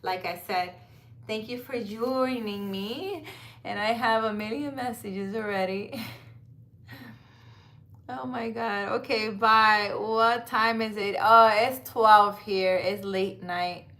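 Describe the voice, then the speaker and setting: A woman livestreaming from a park at night, speaking into a handheld phone in an unhurried, drawn-out way. Her voice is bright and forward, and she keeps breaking into laughter as she chats with viewers. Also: fairly high pitch. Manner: chatty, laughs often, addresses viewers by name. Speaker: livestream tarot reader. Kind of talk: casual live chat reading viewer comments.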